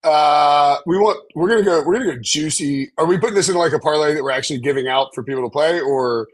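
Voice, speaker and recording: Rambling male betting analyst; husky, slightly high voice, dry close sound. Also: quick pace, no room sound. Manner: rambling, hesitant, lots of fillers and restarts. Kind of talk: casual live-stream betting chat.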